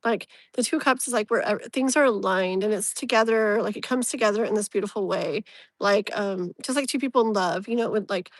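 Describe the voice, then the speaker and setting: A woman's voice: medium pitch, fairly quick, no room sound. A woman hosting a live tarot reading, chatting casually and leaning on "like" and "you know", with a soothing tone toward the viewer.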